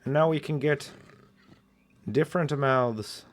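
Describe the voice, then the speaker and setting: A man's voice: on the high side, slow. A man giving casual, rambling let's-play commentary in a playful way, often restarting his sentences. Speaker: gameplay commentator.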